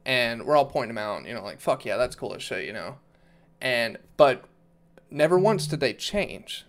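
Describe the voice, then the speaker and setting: A man's voice: medium pitch, big pitch swings, normal speed. Profane young man telling stories. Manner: loose, profane storytelling with frequent fillers. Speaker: podcast co-host. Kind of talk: casual chat.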